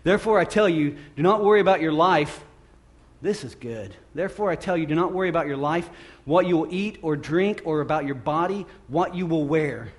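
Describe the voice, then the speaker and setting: Conversational male preacher, slightly high voice. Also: fairly quick. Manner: conversational, self-deprecating, with emphatic rises. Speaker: pastor. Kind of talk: sermon.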